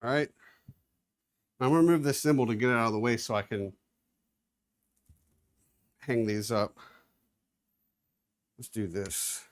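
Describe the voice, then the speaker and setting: Male streamer, mid-pitched, easygoing running commentary while he works, drifts around the room. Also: measured pace, long pauses. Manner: chatty, narrating his own hands-on tasks, moving around the room. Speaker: livestream host. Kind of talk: casual live-stream chat while working. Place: indoor room with carpeted floor.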